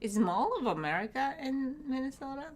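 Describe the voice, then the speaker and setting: A woman's voice: sits high, lively intonation, brisk. A woman co-hosting a live stream, chatting casually, often agreeing and saying "like". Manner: chatty, interjects with short agreements and uses like often. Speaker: co-host of a brand live stream. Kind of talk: casual chat.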